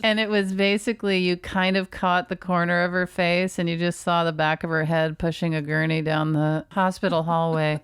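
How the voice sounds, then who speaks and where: A woman comedian and podcast co-host telling a halting, filler-heavy story while she has the hiccups. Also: fairly low pitch, flat delivery, clean tone, no room sound, studio quality. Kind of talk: casual storytelling chat.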